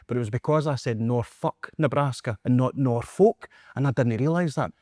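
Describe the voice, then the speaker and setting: A Scottish man tells animated, self-mocking anecdotes at a brisk, quick pace. His voice sits at an everyday middle pitch. The recording is dry and close, with no room echo. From Scotland. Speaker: guest performer. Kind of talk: storytelling in casual chat.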